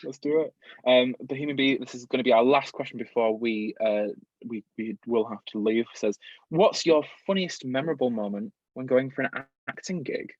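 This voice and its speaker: A man's voice: medium pitch, moderate pace, a little mellow, no room sound. A young man hosting a casual live-stream chat, upbeat, laughing easily and reading out viewer comments. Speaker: host and show creator. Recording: dull lo-fi stream audio.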